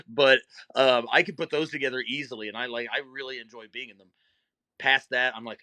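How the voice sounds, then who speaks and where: A man's voice: medium pitch, steady tone, fairly quick, pushed and bright, no room sound. A middle-aged man, a wrestler guest, talking candidly and reflectively in a casual interview, with many fillers.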